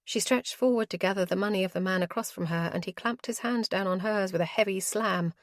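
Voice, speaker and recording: A woman narrating a historical romance audiobook in a steady, expressive reading. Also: mid-range voice, a little fast, no room sound, clean studio sound.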